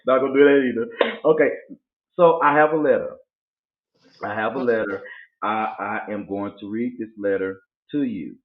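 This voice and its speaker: A man with a drawl tells a story to his co-host and slips into voices for the people in it. His voice comes through thin and phone-like, with a roomy echo around it. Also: medium pitch. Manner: animated, acts out voices in his stories. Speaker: podcast co-host. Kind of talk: casual storytelling chat. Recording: tinny phone-like sound in an echoey room.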